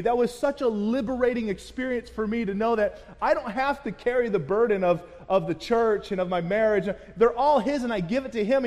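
A male pastor with a high voice delivers a sermon in an animated, storytelling way, acting out the people in his story. His voice carries a long echo, as in a large church hall.

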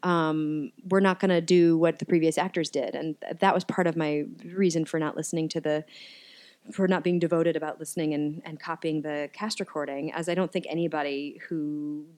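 A middle-aged woman, a musical theater performer, chatting excitedly as a guest and laughing often. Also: low-pitched, moderate pace. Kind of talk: casual chat.

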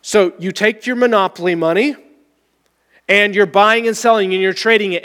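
A man preaching a sermon as pastor in a church, talking in an animated, conversational way. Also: sits high, long reverb tail. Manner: animated, conversational, acts out voices.

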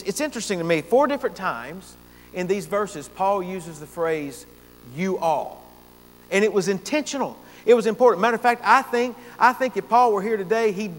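A man preaching a sermon as pastor, earnest and emphatic, repeating phrases for stress. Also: high-pitched. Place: church sanctuary. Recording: long church reverb, faint hum.

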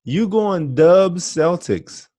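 A man's voice: high voice, animated, extremely slow, dark tone, slightly rough, dry recording, clean studio sound. A man co-hosting a podcast, talking in a laid-back, slangy way and laughing often. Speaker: podcast co-host. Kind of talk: casual chat.

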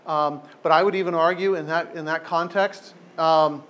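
A man leading an informal group talk, animated and emphatic, often repeating phrases for effect. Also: a little high, moderate pace, lo-fi sound.

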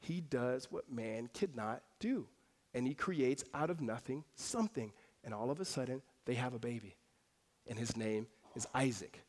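A male pastor preaching through a scripture passage, telling the story in a lively, conversational way with casual fillers. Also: mid-range voice, moderate pace. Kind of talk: expository sermon.

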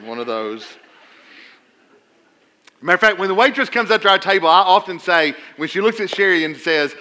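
A middle-aged man preaching a sermon, telling funny stories and swinging between loud emphasis and quiet asides. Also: on the high side, lively intonation, brisk. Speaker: pastor.

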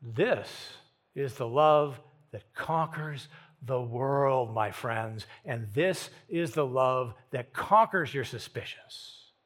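A man preaching a sermon, moving from hushed lines to emphatic ones and repeating words as he thinks aloud. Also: mid-range voice, takes it slowly. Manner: dramatic swings from hushed to emphatic. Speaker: pastor.

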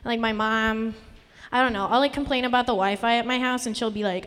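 A young woman on stage with a slightly high voice that sounds close to crying. She rambles nervously through a self-deprecating stand-up set, full of filler words. The live room rings with a long reverb tail. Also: steady tone, fast talker, fairly bright tone, smooth. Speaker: stand-up comedian. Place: live comedy venue.

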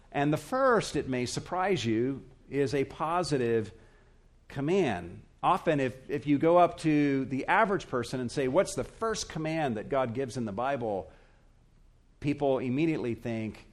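A man preaching an expository sermon, earnest and emphatic, speaking in short, measured phrases. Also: mid-range voice. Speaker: pastor.

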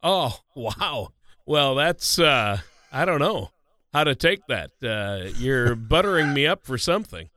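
A man's voice: mid-range voice, very animated, unhurried, pushed and bright, no echo. A man co-hosting a financial radio show who banters, asks curious questions and laughs often. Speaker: radio co-host.

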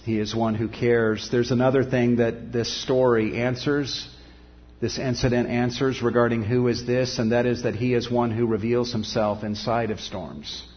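A man preaching a sermon, earnest, rising to emphatic peaks and then dropping soft and low. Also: little pitch movement, normal speed, long reverb tail, lo-fi sound. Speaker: pastor.

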